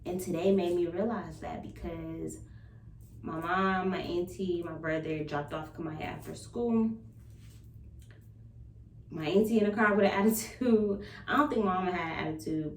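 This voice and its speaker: A young adult woman talking candidly in a personal vlog, frank and expressive and swearing freely. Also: fairly low pitch, measured pace, a little hiss or hum. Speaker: vlogger and spiritual practitioner. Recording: roomy sound from a distant mic with faint ambience.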